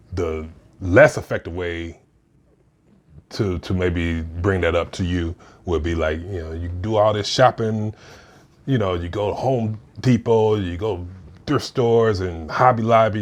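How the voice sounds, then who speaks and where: A man co-hosting a relationship podcast in casual chat, easygoing and teasing. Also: low-pitched. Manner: easygoing, teasing, drops into mock complaint. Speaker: podcast co-host.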